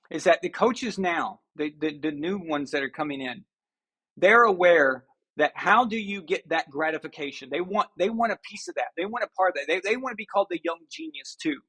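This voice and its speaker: A man's voice: a little high, sharp tone. A man hosting a sports talk show, ranting and sarcastic. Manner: ranting, sarcastic, mocking impressions. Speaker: show host.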